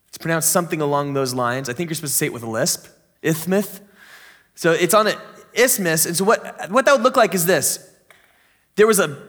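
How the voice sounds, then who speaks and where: Upbeat high-voiced young preacher man. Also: a bit bright. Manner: enthusiastic, conversational, jokey preaching. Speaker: pastor. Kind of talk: sermon.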